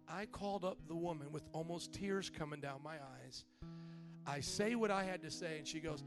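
A man in his late thirties, a pastor telling a story in a sermon, animated and casual, acting out quotes. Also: a little high, normal speed, over music.

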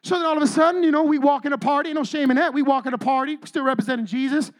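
A male pastor preaching a sermon with slangy, energetic storytelling that addresses the congregation directly. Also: very high-pitched, very fast.

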